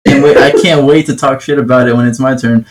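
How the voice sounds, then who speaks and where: A man hosting a casual livestream chat, relaxed, joking and quick to laugh. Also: medium pitch, a little hiss or hum. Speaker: host.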